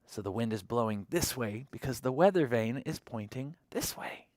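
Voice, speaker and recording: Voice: medium pitch, lively intonation, a little fast, a little mellow, dry recording. A children's librarian reading a picture book aloud to toddlers, imitating animal sounds and asking the children questions.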